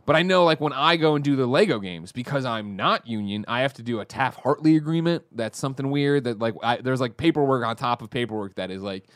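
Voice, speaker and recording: A man co-hosting a podcast in casual chat, talking in an animated, rambling way and correcting himself mid-sentence. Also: medium pitch, fast talker, few pauses, no room sound, clean studio sound. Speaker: podcast co-host.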